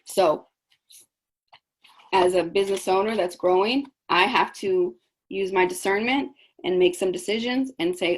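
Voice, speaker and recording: A woman's voice: medium pitch, measured pace. A woman coaching business owners in a conversational session, often checking in with "right?".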